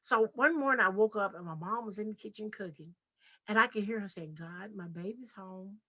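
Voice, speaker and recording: A woman's voice: mid-range voice, brisk, sharp tone. A woman from Nashville giving an earnest, heartfelt personal testimony as a podcast guest. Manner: earnest, heartfelt, vivid retelling.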